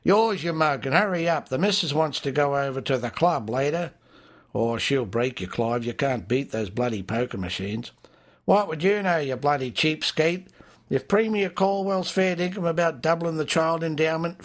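A man with an Australian accent voicing rowdy working men bantering in a pub, in a raised, loud manner. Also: a little high, voice pushed up, natural voice.

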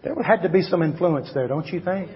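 A male pastor preaching a sermon, swinging between loud emphatic shouts and low quiet asides. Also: fairly quick. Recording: long hall reverb, dull lo-fi sound.

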